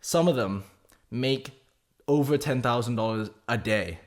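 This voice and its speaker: A man's voice: mid-range voice, a little slow. A man hosting casual game commentary, rambling between stories and matches with plenty of swearing and self-mocking asides. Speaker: gaming channel host.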